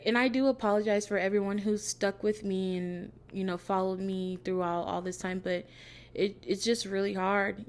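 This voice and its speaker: A young woman vlogger in casual, candid chat, a little out of breath, laughing now and then. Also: mid-range voice. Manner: chatty and candid, laughing often. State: a bit out of breath. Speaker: crochet vlogger.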